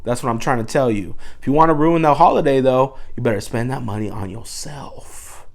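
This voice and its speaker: A man, a dad vlogger, giving mock-serious sarcastic advice and swinging between hushed asides and loud bursts. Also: mid-range voice, a little fast, few pauses.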